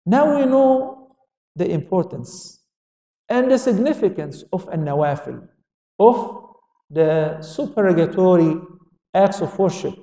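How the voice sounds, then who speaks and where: A man's voice: high-pitched, animated, a little slow, dark tone. A man giving a religious lecture to an audience, asking questions and answering them himself, with quotations in Arabic. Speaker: Islamic lecturer. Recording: echoey hall, speaker far from mic.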